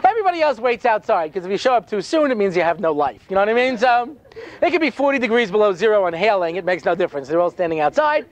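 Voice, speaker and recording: A rabbi giving a humorous storytelling talk, full of dry sarcasm and frequent "you know" asides. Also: male voice, sits high, animated, fast talker, highs cut off, a faint crowd.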